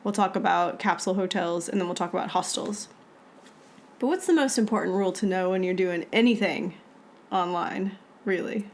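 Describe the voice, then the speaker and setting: A woman from Canada co-hosting a podcast, chatting in a relaxed, wry way with dry humor. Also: fairly low pitch, normal speed, slight background noise. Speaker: podcast co-host. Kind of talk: casual chat.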